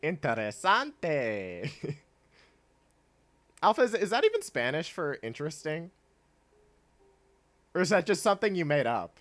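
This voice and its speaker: A young man casually chatting with his chat while playing a video game, laid-back and quick to laugh. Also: fairly high pitch, big pitch swings. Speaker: streamer.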